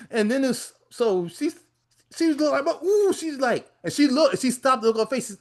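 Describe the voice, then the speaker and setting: High-voiced, animated storytelling man. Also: moderate pace. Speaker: podcast co-host. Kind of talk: casual podcast talk.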